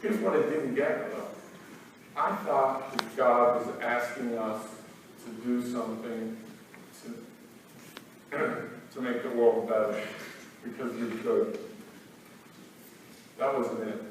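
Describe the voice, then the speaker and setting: A man's voice: mid-range voice, slow, pauses often. A middle-aged man telling an emotional personal story to a crowd of students, earnest and sometimes choked up, with many ums and restarts. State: choked up at times. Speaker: guest speaker. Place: large school hall. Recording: very echoey hall, distant mic, faint noise.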